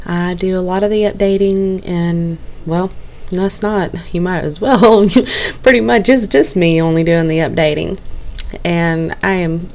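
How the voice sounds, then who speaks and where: Woman, Southern US accent, lowish voice, tired, nervous, rambling, tongue-tied, casual game walkthrough. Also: fairly even intonation, measured pace, darkish tone. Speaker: game tutorial narrator. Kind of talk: casual screen-recorded walkthrough.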